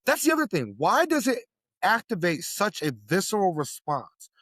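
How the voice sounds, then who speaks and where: A man's voice: high voice, huge pitch swings, moderate pace, fairly bright tone, no room sound, clean studio sound. A man co-hosting a podcast, telling stories animatedly and laughing often in casual chat. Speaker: podcast co-host.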